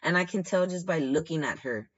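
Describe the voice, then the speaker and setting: A man's voice: on the high side, animated, fairly quick, a bit bright, muffled recording. A young man who works as a shelter caseworker, venting about his job in a casual, frustrated and rambling way, full of restarts and fillers. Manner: frustrated, rambling, many restarts and "you know". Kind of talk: casual storytime vlog.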